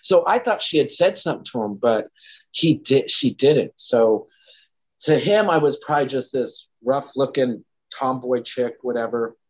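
A man's voice: medium pitch, animated, moderate pace, husky, dull audio. A man telling a candid personal story as an interview guest, rambling with lots of "you know" and "like".

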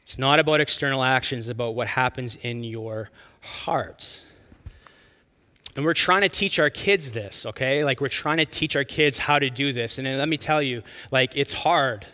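A man preaching a sermon in an earnest, expressive way, drawing out key lines for emphasis. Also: medium pitch, moderate pace. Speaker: pastor.

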